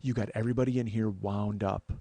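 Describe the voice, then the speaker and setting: A man voicing his confused elderly mother, who is hostile and accusing, in a low, flat tone. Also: fast, creaky, dry recording. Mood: paranoid, hostile.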